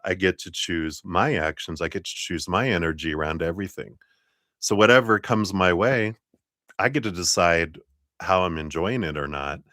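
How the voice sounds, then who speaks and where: Low-voiced man giving a rambling tarot reading. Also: moderate pace, sharp tone, no room sound, clean studio sound. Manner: rambling, laughs often, many fillers. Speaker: tarot reader. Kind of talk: casual livestream tarot reading.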